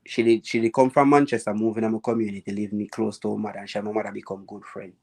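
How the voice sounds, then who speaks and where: A man with a Jamaican accent hosting a live chat, telling lively stories about his childhood in patois and acting out the people he quotes. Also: fairly low pitch, rapid-fire, vocal fry. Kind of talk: casual storytelling chat.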